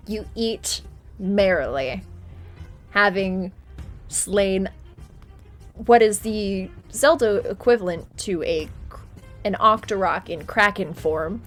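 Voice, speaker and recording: A young woman narrating a tabletop game as game master, relaxed, with frequent ums and laughs. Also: medium pitch.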